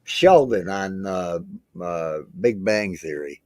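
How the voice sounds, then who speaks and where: Older man, teasing and playful, very animated pitch, casual call. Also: slow, no echo. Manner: teasing, laughs often. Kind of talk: casual chat.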